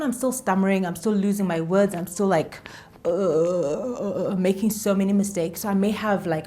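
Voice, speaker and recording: A woman's voice: on the low side, a little mellow. A woman talking casually to camera as a vlogger, chatty and self-deprecating, repeating phrases for emphasis. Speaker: YouTuber.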